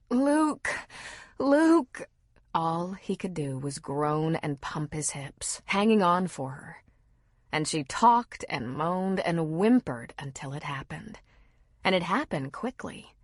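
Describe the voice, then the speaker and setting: A woman narrating a romance audiobook in an expressive, intimate way. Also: on the low side, breathy edge, no echo, clean studio sound. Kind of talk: scripted narration.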